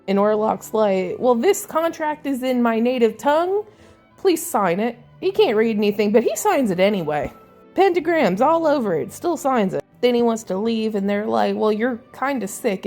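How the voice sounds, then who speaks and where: A woman's voice: medium pitch, darkish tone. A woman in the middle of her voice range recaps a film casually, with crude jokes and sarcastic asides. Her manner stays irreverent throughout. Faint music plays behind her. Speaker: movie reviewer.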